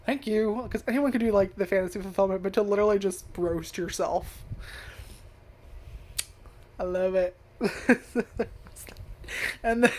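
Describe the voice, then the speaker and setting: A woman reviewing an anime casually, rambling, swearing a lot and laughing often. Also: medium pitch. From United States.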